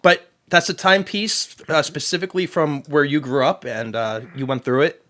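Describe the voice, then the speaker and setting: A man's voice: fairly high pitch, normal speed, sharp tone. A man co-hosting a casual show, reading out stories in a blunt, profane way. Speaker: co-host. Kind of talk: casual podcast banter.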